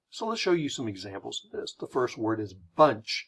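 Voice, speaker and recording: A man's voice: medium pitch, big pitch swings, moderate pace, fairly bright tone, breathy edge. A man from the United States presenting a slide lecture in a conversational way, often restarting and adding asides.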